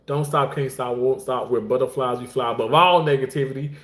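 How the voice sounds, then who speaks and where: A middle-aged man hosting a casual livestream, chatting while he cooks. He reads viewer comments, rambles, and thanks people effusively, often jumping up high to greet them. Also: brisk, fairly bright tone. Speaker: livestream host. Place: indoor room, talking while cooking. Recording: roomy echo.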